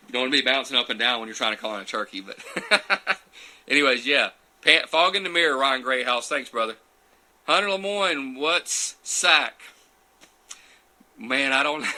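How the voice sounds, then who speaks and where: A man's voice: medium pitch, sharp tone. A man chatting casually in a live Q&A from his futon couch at home, folksy and friendly, chuckling between answers. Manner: folksy and friendly, calls people buddy and brother. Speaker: champion turkey caller answering live questions.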